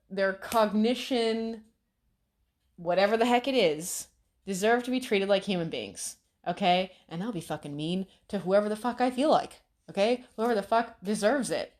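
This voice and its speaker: A woman's voice: medium pitch, lively intonation, a little slow, darkish tone. An American woman doing casual commentary, blunt, mocking and full of swearing. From United States. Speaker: commentary vlogger.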